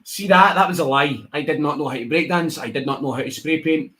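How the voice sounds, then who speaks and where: A fairly high-pitched, fast-talking Scottish man is a wrestler guest on a radio show. He tells stories animatedly in casual chat, acting out voices and laughing often.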